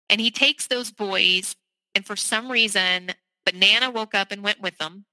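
A woman's voice: medium pitch, moderate pace, bright, forceful tone, no echo, poor audio. A middle-aged woman from the South, a podcast guest candidly and urgently recounting a personal story. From American South.

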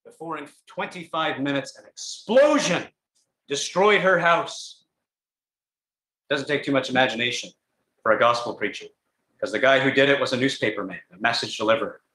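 A man preaching a gospel sermon in a tent meeting, telling a story dramatically with sudden swings from loud to hushed. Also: mid-range voice, fairly quick, long pauses, reverberant, poor audio.

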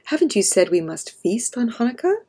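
A woman voicing a caring young girl in a storybook who pleads softly. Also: fairly high pitch, sing-song, moderate pace, husky, pitched above the performer's own voice. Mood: pleading.

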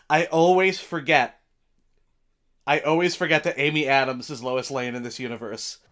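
A young man hosting a live stream from home, chatting casually as he reacts to a film, excitable and profane, now and then breaking into shouts. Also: mid-range voice, moderate pace, music in the background. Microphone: desk mic with headphones.

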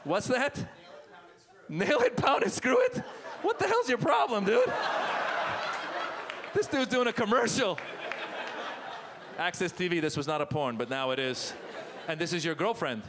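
A man's voice: sits high, unhurried, long pauses, some chatter behind. Iranian-born man doing stand-up. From Iran. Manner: animated, jumps into loud put-on voices and mock accents. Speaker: stand-up comedian. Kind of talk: stand-up set with crowd work. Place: comedy club stage.

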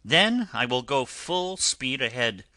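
A man's voice: medium pitch, sing-song, takes it slowly, sharp tone, dry recording, exaggerated voice. A man reading as a stern, kindly engine driver. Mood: instructing. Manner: firm, instructing. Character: stern but kind-hearted male engine driver. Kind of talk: audiobook character voice.

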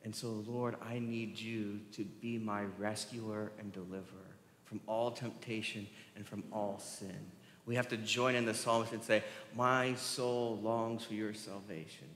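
A man's voice: fairly low pitch, steady tone, unhurried, few pauses, a bit bright, a little hiss or hum. Male pastor, sermon delivery, impassioned with emphatic swells, church hall reverb. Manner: impassioned, rising to emphatic peaks when quoting scripture. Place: church sanctuary.

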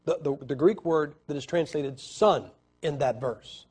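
A man preaching a sermon, telling a story with many halting restarts and swings from loud to quiet. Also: fairly high pitch, breathy edge. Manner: halting, repeats words and restarts. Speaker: evangelist preacher.

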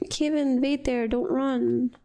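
A woman voicing a patient young mother who gently coaxes her small son, in her own voice. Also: sits high, fairly even intonation, takes it slowly, creaky, exaggerated voice. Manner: gentle coaxing.

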